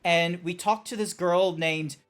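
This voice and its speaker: A man's voice: high voice, steady tone, a little slow, fairly bright tone. A man streaming a game, chatting casually and rambling through joking tangents. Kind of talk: casual live-stream chat.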